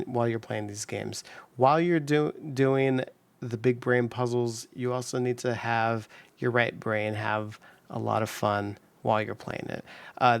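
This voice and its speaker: A man's voice: mid-range voice, gravelly, no room sound. A man hosting his puzzle channel, chatting casually and upbeat as he solves, with lots of fillers and restarts. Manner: rambling, upbeat, many fillers. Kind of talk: casual commentary while solving.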